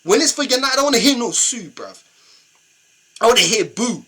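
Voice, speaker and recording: Young London man for a fan reaction rant: bright, forceful tone, exasperated and repetitive. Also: very high-pitched, animated, a little fast, breathy edge. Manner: exasperated ranting, slangy and repetitive. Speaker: football fan channel host.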